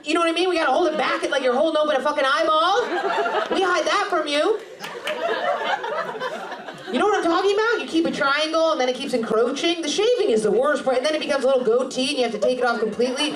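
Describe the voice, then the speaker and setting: A woman doing stand-up crowd work in a club, brash, profane and teasing with the audience. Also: sits high. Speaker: stand-up comedian. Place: comedy club stage. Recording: roomy club sound from a distance. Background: laughing audience.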